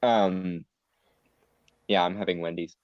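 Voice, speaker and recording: Low-voiced man chatting on a podcast. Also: fairly even intonation, slow pace, no echo. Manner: stammering restarts, playful mock villain laugh. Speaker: podcast co-host. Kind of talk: casual chat. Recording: dry, dull lo-fi audio.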